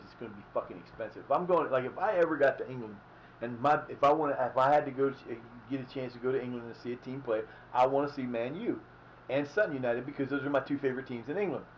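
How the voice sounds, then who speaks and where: A man talks through his football management game on a live stream, rambling from one thought to the next and swearing casually. His voice sits at an ordinary middle pitch, and the mic sounds a little dull and lo-fi with a faint hiss behind it.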